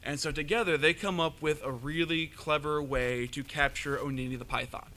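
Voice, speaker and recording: Bright, animated male storyteller. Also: fairly high pitch, moderate pace. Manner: animated, jokey retelling with fillers. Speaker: panelist storyteller. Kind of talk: live storytelling to an audience. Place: convention panel room.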